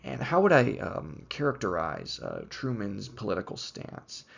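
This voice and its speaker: A man giving a recorded history lecture, explaining at an unhurried pace with plenty of ums and uhs. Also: fairly low pitch, huge pitch swings, gravelly, husky, highs cut off.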